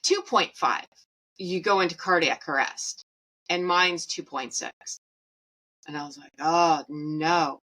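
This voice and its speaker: A woman's voice: lowish voice, unhurried, long pauses, bright, forceful tone, rough recording. A woman in her thirties hosting a podcast, telling a personal story in a blunt, profane, casual way and laughing at her own jokes. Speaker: podcast host.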